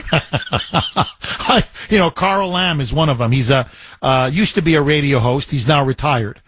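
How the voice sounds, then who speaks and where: Man, talk radio host, emphatic, repetitive, somewhat high voice, dry studio mic. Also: a little slow, fairly bright tone, no room sound. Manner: emphatic and repetitive, piling up phrases.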